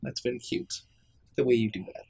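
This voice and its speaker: A man's voice: medium pitch, huge pitch swings, fairly quick, creaky, a little mellow, slightly rough, heavily acted, poor audio. A man voicing a haughty, flirtatious female fey noble who talks in a purring, condescending way. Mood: teasing.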